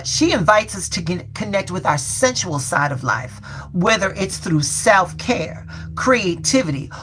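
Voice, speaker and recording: A woman hosting a live-stream tarot reading, folksy and colloquial, calling her viewers baby and y'all and repeating affirmations slowly. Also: mid-range voice, fairly bright tone, husky.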